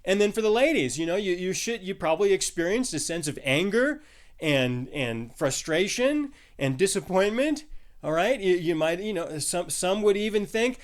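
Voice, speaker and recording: A man's voice: high-pitched, lively intonation, moderate pace. A man preaching a Bible teaching, talking loosely with many restarts and little laughs at his own jokes. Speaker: pastor. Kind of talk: sermon.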